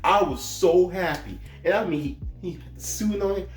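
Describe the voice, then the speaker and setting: A man in a movie review vlog, excitable, swinging between hyped outbursts and a somber hush. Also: high-pitched, normal speed, few pauses, echoey room, soft background music.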